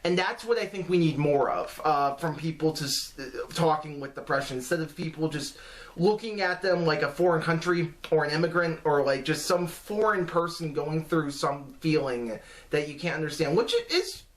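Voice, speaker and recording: A man vlogging casual advice to camera in an earnest, halting way, with many restarts and fillers. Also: a little high, animated.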